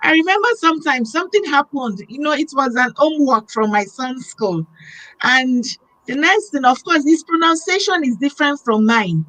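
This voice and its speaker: High-voiced woman hosting a chat. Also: lively intonation, normal speed, bright, forceful tone, poor audio. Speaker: host. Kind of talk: casual interview chat.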